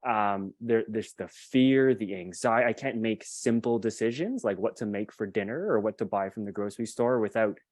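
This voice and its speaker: Young adult male guest, low-pitched, earnest storyteller who restarts his sentences. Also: moderate pace, few pauses, a little mellow, no room sound. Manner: earnest and reflective, with frequent restarts. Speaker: podcast guest. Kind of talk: telling a personal story in conversation.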